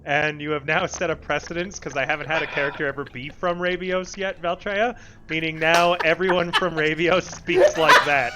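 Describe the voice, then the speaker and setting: A woman running a tabletop game as game master, lively and quick to laugh while directing players. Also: deep voice, background noise.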